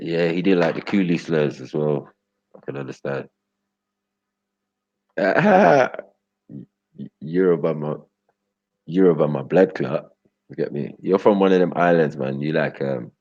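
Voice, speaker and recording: A man's voice: very deep voice, animated, slow, pauses often, darkish tone, no echo. A young man hosting a live stream and bantering with his chat in loose street slang, rambling and laughing often. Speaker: livestream host. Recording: dull lo-fi stream audio.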